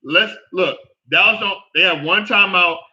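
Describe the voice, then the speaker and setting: A man hosting a casual football talk show, reacting out loud with groans and exclamations as he watches a game. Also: high-pitched, a little slow, lo-fi sound. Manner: animated, exclaims and groans at plays. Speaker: sports podcast host.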